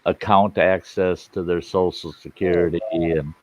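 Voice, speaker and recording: A man's voice: deep voice, flat delivery, moderate pace, no echo, muffled recording. A man hosting a casual group chat, telling stories with a joking manner. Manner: joking storyteller.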